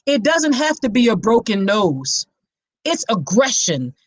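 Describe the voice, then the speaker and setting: A woman's voice: fairly high pitch, very animated, unhurried, dry recording. Woman podcast host, emphatic and preachy, talking straight to her audience, dry close sound. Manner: preachy and emphatic, addresses listeners directly. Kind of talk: impassioned awareness talk.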